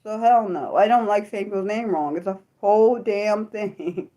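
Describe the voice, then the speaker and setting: A young adult woman chatting casually on her livestream, apologetic and self-deprecating, swearing a lot and swinging from high laughing squeals to low mutters. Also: normal speed, warm tone. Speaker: livestream host. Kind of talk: unscripted livestream chat with viewers.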